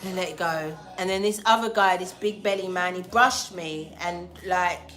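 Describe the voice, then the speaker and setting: A woman telling a story casually to a livestream audience, animated and slangy, acting out the lines of the people in it. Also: lowish voice, normal speed, faint music behind. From England. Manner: animated, slangy, acts out dialogue. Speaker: spiritual livestream host.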